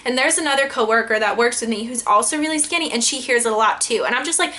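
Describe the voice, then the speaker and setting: A woman's voice: fairly high pitch, fast. A young woman vlogging about her pet peeves, exasperated and full of "like". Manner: exasperated, heavy use of "like", animated quoting. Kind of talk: casual ranting vlog.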